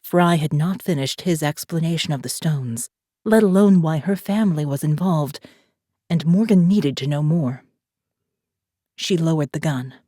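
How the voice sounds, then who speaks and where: A woman narrating a thriller audiobook in a steady, measured storytelling voice, recorded on a close studio mic. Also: deep voice, no echo. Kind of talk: scripted narration.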